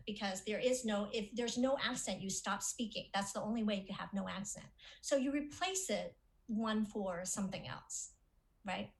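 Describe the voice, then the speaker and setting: A woman's voice: medium pitch, low-quality recording. A middle-aged woman presenting an academic lecture in a webinar, explaining her points and checking in with her listeners as she goes. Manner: explanatory, checks in with "okay?" and "right?". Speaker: speech-language pathology presenter.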